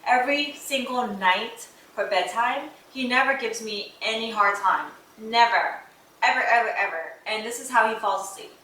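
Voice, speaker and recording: A heartfelt woman vlogger talks to camera as a mom, chatty and warm-hearted, with a bright, forward tone. Her voice sits a little back from the mic in an echoey room with faint hiss underneath. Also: fairly high pitch, moderate pace, far from the mic. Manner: heartfelt, chatty, many fillers like "like" and "um". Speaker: vlogger, mother of an autistic son. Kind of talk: casual talk to camera.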